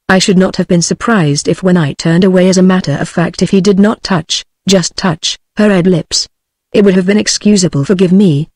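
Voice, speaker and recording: A text-to-speech woman's voice with a British English accent, reading a novel aloud and giving every character the same even delivery. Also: lowish voice, no room sound, clean studio sound. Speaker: audiobook narrator.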